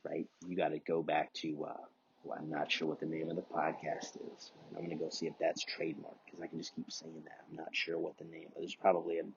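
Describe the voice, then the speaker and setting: A man's voice: extremely low pitch, completely flat delivery, fairly quick, creaky, muffled recording, slight background noise. A man hosting his own podcast, rambling casually and profanely and chuckling often between thoughts. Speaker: podcast host.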